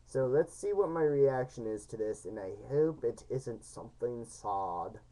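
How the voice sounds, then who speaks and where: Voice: mid-range voice, expressive, a little slow, mellow, low-quality recording. A host introducing a reaction video casually, stumbling over a hard word.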